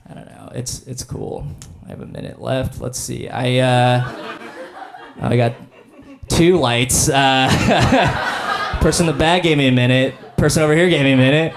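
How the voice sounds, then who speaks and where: A young man rambles through a laid-back stand-up set on a comedy stage before a live audience, peppering it with "like" and "I don't know." His mid-range voice is fairly even in intonation, a little slow, with vocal fry and a slight hiss or hum in the recording.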